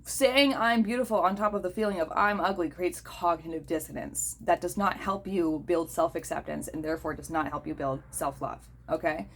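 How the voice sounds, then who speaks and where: A woman with a somewhat low voice talks casually and bluntly. She swears freely and often pauses to ask her listener "okay?" Her delivery is direct and unfiltered. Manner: blunt, profane, checks in with "okay?". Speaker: host. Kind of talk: casual talk.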